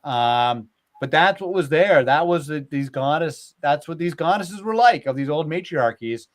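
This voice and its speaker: A man's voice: a little high, normal speed. Chatty man retelling myths. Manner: animated retelling of myths, filler-heavy. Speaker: podcast host. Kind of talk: casual storytelling chat.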